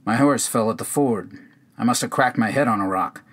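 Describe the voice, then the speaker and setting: A man's voice: mid-range voice, moderate pace, fairly bright tone, close to an everyday voice. Old cabin-dweller, quavering and proud, bewildered, slightly raised voice, read by a man in a poetry reading. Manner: quavering, proud, sing-song retelling.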